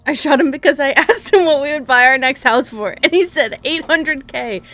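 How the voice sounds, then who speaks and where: A woman's voice: sits high, normal speed, pushed and bright, faint music behind. A young woman streaming a video game, chatting casually with her viewers, laughing often and swearing freely.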